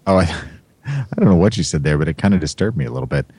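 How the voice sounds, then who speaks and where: This man hosts a podcast in a playful, teasing manner. His voice sits fairly low but swings widely in pitch, and it sounds dry and close. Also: sing-song, quick pace, darkish tone, slightly rough, dry recording. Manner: playful, teasing, asks lots of questions. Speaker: podcast host. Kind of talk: casual comedic podcast chat.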